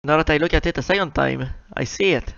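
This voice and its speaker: A young man hosting a casual live question-and-answer stream. He reads viewers' questions out loud and answers them in a chatty, self-mocking way. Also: a little high, fast talker, gravelly. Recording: slightly dull lo-fi mic, dry.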